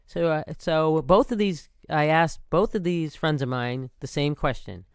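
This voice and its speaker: Smooth-voiced man rambling in a monologue. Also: fairly high pitch, unhurried, no echo, studio quality. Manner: rambling, frequent restarts and self-corrections. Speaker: podcast host. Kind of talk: casual monologue.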